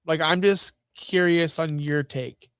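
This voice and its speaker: Chatty podcast co-host, slightly high voice. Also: male voice, steady tone, slow pace, fairly bright tone, clean tone, no room sound. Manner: conversational, thinks aloud with fillers. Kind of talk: casual wrestling podcast chat.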